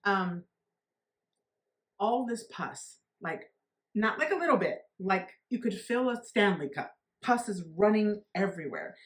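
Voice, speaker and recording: A woman's voice: medium pitch, expressive, a little slow. A woman in her forties vlogging, telling a personal story candidly and bluntly, swearing freely and acting out what others said. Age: 40s. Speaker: beauty vlogger.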